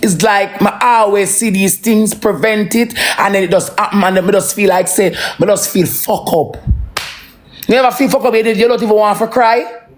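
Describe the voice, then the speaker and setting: A parent with a Jamaican accent in an emotional, profane ranting monologue that swings between slow brooding and heated outbursts. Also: medium pitch. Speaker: social media livestreamer.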